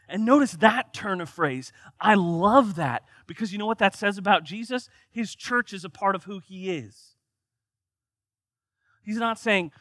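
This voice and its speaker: A man's voice: high voice, normal speed, fairly bright tone, no echo. A man preaching a sermon, reading scripture aloud and then explaining it with rising emphasis.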